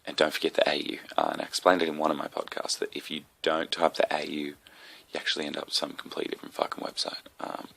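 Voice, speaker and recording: A young Australian man rambles through a solo comedy podcast, swearing freely and tossing in asides. His voice sits very low with a gravelly fry, yet comes across bright and forceful, with a sick, slightly coughy edge. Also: completely flat delivery, fast.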